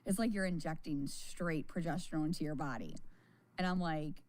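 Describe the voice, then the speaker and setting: A woman's voice: deep voice, normal speed, a little mellow, no echo. A tired woman chatting casually with her live-stream viewers from home, rambling, laughing and swearing as she goes.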